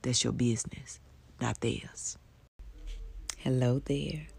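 Soft-spoken woman with a husky, gravelly voice. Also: very deep voice, takes it slowly. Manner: soft-spoken, intimate, gentle and affectionate, often drops to a whisper; folksy Southern phrasing, calls the listener honey and baby. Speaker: social media personality. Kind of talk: motivational talk to camera.

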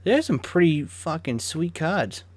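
A man's voice: on the high side, sing-song, a little slow, darkish tone, breathy edge, no echo. A young man giving casual, chatty commentary on a football video game as he opens card packs, swearing freely and flaring up in sudden rants. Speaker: gaming YouTuber.

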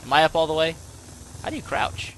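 A young man hosting a gaming channel, giving excitable let's-play commentary and yelping when things go wrong. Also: a little high, a little fast, a little hiss or hum. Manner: excitable, yelps and laughs when in trouble.

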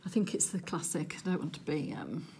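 A middle-aged woman from England chatting casually to viewers while she crafts, giggly and easily excited. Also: sits low, brisk, a little hiss or hum. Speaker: crafting vlogger.

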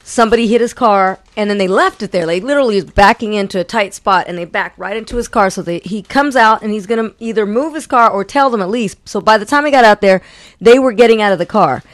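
A woman co-hosting a casual talk show, telling an animated story and acting out the people in it. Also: medium pitch, fast, no echo. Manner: animated, acts out quotes. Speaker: co-host.

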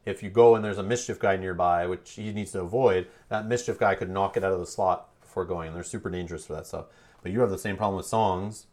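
A man's voice: deep voice, fairly even intonation, quick pace, a little mellow. A man hosting a live board game playthrough, chatting casually, joking with the players and explaining the rules as he goes.

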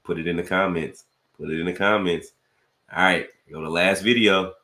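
A man's voice: low voice, steady tone, normal speed, sharp tone. A man co-hosting a casual reaction chat, playful and teasing as he gives his verdicts. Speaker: co-host reacting to videos.

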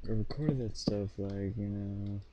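A man's voice: on the low side, steady tone, measured pace, highs cut off, very noisy. A young man casually commenting on his own gameplay, rambling and answering himself. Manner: rambling, chatty, talks back to himself. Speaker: gaming YouTuber.

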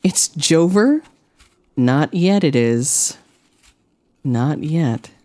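A woman streaming a game, chatting to her viewers with rambling, deadpan jokes. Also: deep voice, very slow. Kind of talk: casual gameplay commentary.

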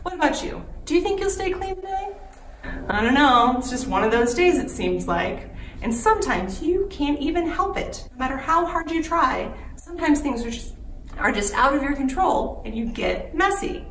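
A woman's voice: high voice, moderate pace. A woman who works as a children's librarian, reading a picture book aloud to young children, gasping often and asking them questions. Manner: animated and exclamatory, gasping and asking the kids questions. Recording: echoey room, mic at a distance, faint background noise.

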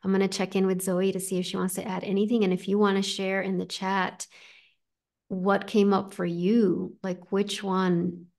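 A woman leads a guided spiritual talk in a gentle, reflective way, her voice sitting at an ordinary middle pitch. She pauses often to check in with listeners, dotting her phrases with "right?" and "like". She is heard through a video-call mic. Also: flat delivery, creaky. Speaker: host and spiritual teacher.

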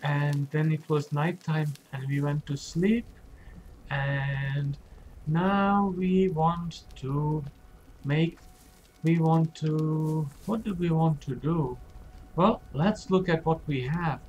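A man's voice: a little high, a little mellow, a little hiss or hum, rough recording. A man narrating his video game play for young children, speaking simply and asking them questions as he goes. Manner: slow, simple and questioning, talks to young viewers. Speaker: game streamer for kids. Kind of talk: gentle gameplay narration for children.

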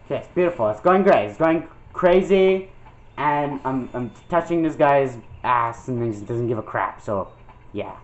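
Speaking at a measured pace in an expressive, medium-pitched voice, a young man gives jokey let's-play commentary, yelping and trying out silly voices while he plays. The sound comes through a dull lo-fi mic, with game music underneath.

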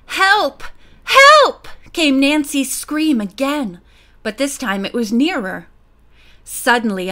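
Woman reading a mystery audiobook. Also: a little high. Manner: lively expressive reading. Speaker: audiobook narrator.

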